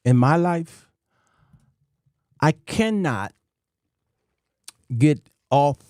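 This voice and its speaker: An American man in his fifties hosts his own show, delivering a folksy, preachy talk-show monologue that circles back on itself. His medium-pitched voice is warm, recorded with clean studio sound and no room noise.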